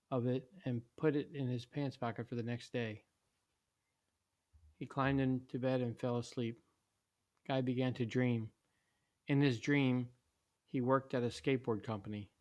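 A man reading a story aloud in a steady, plain way, with small slips. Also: mid-range voice. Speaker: narrator.

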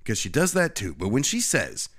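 A man in casual podcast talk, his pitch swinging widely and his tone bright and sharp. He speaks earnestly and with emphasis, dropping slang as he goes. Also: huge pitch swings, normal speed. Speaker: podcast co-host. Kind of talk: casual chat.

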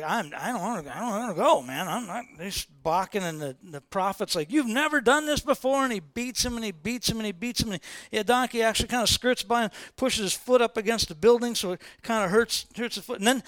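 A man preaching a sermon as informal, animated storytelling, repeating phrases for emphasis. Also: high voice, dry recording. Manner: animated, repetitive, colloquial storytelling.

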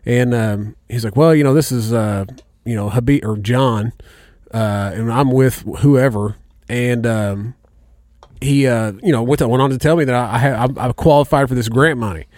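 A man telling stories in a casual chat, swearing freely and getting animated as he goes. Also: mid-range voice, normal speed, no room sound, studio quality. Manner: profane, animated storyteller.

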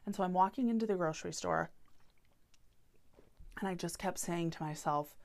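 A woman's voice: on the low side, moderate pace, vocal fry, long pauses. A woman in her thirties hosting a solo podcast, talking earnestly and openly about hard feelings. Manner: earnest, heartfelt and openly vulnerable. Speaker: podcast host. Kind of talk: candid solo podcast talk.

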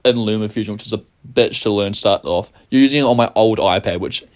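A man's voice: on the low side, quick pace. A young man, co-hosting a podcast and telling stories in a loose, profane, rambling way. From New Zealand. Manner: profane, rambling, laughs through his stories. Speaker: podcast co-host. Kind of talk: casual storytelling chat.

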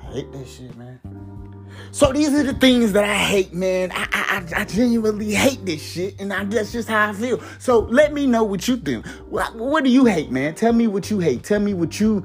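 A man's voice: high voice, animated, moderate pace. Profane ranting male vlogger, faint music. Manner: profane, exasperated, mock-outraged; repeats a catchphrase between bits. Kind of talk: comedic rant to camera.

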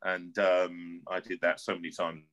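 On a muffled recording, a middle-aged opera singer from North London relates stories in a laid-back interview, his accent distinctly North London. He speaks at a normal pace in a low-pitched voice, animated throughout and repeating words as he goes.

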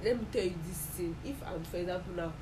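A woman's voice: on the low side, fast. A young woman with a Nigerian accent, telling stories animatedly and laughing in a casual chat. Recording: noisy background.

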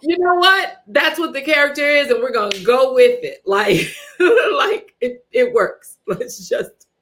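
A woman's voice: high-pitched, unhurried, slight background noise. A woman director in an interview, animatedly telling stories, laughing often and acting out what people said. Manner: animated storyteller, laughs often, acts out quotes. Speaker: director and writer, guest. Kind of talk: casual interview chat.

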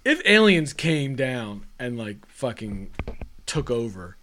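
A man talking animatedly on a casual podcast and swearing freely. His pitch moves a lot, and his voice is bright. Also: sing-song, takes it slowly. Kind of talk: casual chat.

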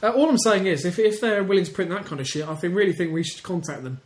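A man's voice: high voice, fast. An English man co-hosting a podcast, talking casually, hesitant and giggly with many restarts. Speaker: podcast co-host. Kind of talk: casual chat. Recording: echoey room.

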